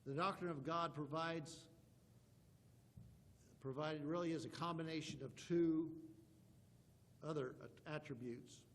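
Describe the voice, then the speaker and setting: A man's voice: on the high side, fairly even intonation, a little slow, pauses often, slight background noise. A man, a pastor, preaching an emphatic sermon and reading scripture aloud in old-fashioned wording from a church sanctuary.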